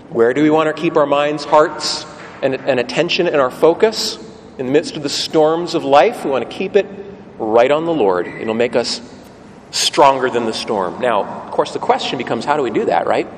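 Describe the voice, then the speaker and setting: A man preaching a sermon, telling the story vividly and putting rhetorical questions to the congregation. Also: fairly high pitch. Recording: long church reverb, faint ambient noise.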